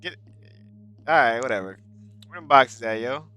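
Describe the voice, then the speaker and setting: A man joking and yelling through a horror game playthrough with casual commentary. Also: medium pitch, lively intonation, normal speed, smooth. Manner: joking, with loud outbursts. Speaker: game player. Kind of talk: let's play commentary.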